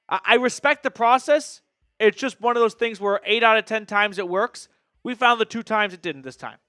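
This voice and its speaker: A man hosting a live fan stream, calling football plays quickly and casually, and bursting into excited shouts and chants when he reads out viewer donations. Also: high voice, clear, resonant tone, no room sound, clean studio sound. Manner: rapid, casual play-calling with quick asides. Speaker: fan watch-party host doing play-by-play. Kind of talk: live stream play-by-play and chat.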